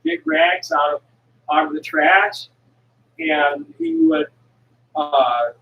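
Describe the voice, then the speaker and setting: A woman's voice: high voice, huge pitch swings, takes it slowly, creaky, highs cut off, noisy background. Rambling older woman in an echoey room. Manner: rambling, digressive, many restarts and fillers; blunt, occasionally profane. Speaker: traveling herbal medicine seller. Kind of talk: rambling spiritual monologue. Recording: echoey room from some distance, faint ambience.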